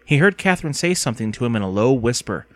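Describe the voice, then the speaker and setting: A man narrating an audiobook with expressive storytelling. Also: medium pitch, fast, no room sound.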